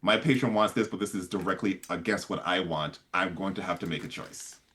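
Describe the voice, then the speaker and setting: Relaxed male game master, fairly low voice. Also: fairly quick. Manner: loose, chatty explaining full of "like". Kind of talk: running a tabletop game, casual.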